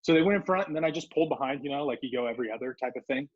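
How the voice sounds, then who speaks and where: Talking very fast at a medium pitch, this podcast co-host from Southern California spins a lively story in relaxed chat, performing the voices of the people he quotes. The sound quality is dull.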